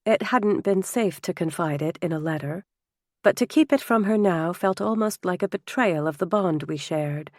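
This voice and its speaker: A woman narrating a novel in first person, measured and heartfelt, close to the mic. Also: fairly low pitch, no echo. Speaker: audiobook narrator. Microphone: close studio mic.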